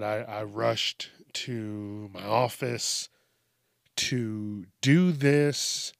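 A man in his thirties with a lowish voice hosts a solo podcast from a small home studio, recorded on a studio microphone with no room sound. He rambles and swears, halting often with fillers and restarts.

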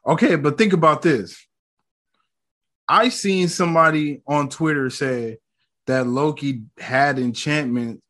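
Animated young man recapping with slang. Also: on the high side, measured pace. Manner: animated, laughs often, slangy. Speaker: podcast co-host. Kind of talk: casual podcast recap chat.

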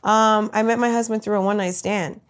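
Woman comedian, mid pitch, crude self-mocking jokes, quick-fire interview answers. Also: fairly even intonation. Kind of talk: comic answers to rapid-fire questions.

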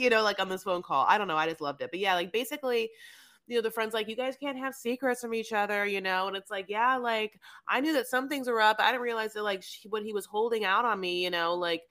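A woman co-hosting a podcast in loose, casual chat. She rambles and riffs playfully, jumping from thought to thought. Her pitch sits in a middle range. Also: fast talker. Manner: rambling, playful, animated riffing. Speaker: podcast co-host. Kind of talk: casual chat recapping a reality show.

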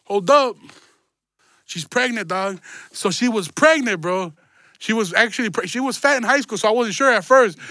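A young man with a high, bright voice hosts a podcast and tells a story in loose, slangy, profane talk, laughing as he goes. The sound is dry and close, with no room around it. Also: normal speed, no room sound. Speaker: podcast host. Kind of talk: casual storytelling.

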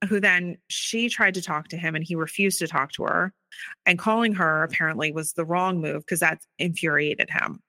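A woman's voice: on the low side, sharp tone, no room sound. A woman earnestly telling her personal story, recounting events and acting out quoted dialogue. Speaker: interviewee sharing her story.

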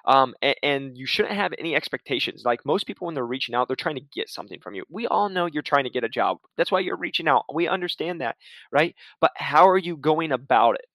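A man's voice: a little high, lively intonation, brisk, fairly bright tone, no echo. A man giving casual career advice in a chatty, laid-back way, full of restarts and asides. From Arizona.

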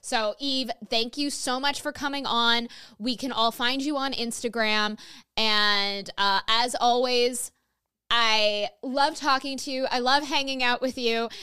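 A woman's voice: fairly high pitch, steady tone, a little slow, pushed and bright, smooth. A young woman hosting a podcast interview, talking in a spirited way and swearing freely. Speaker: podcast host. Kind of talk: casual interview chat.

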